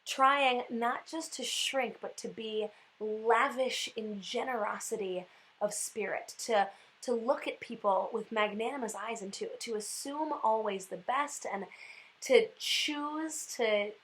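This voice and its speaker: A woman giving a casual spiritual reflection on her vlog, animated and chatty, with lots of "like" fillers. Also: on the high side, slow pace, low-quality recording. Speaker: Catholic speaker and vlogger.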